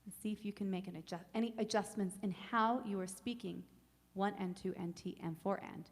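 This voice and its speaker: A woman working as a choir director, leading a virtual rehearsal with calm, encouraging instruction. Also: medium pitch, brisk, long reverb tail. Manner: calm, gentle guided breathing, then upbeat coaching.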